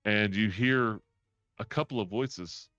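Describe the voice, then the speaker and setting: Low-voiced male game master. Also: slow pace, a bit bright. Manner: laughs often, describes scenes. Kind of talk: narrating a tabletop game. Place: home, streamed live. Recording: dull lo-fi stream audio.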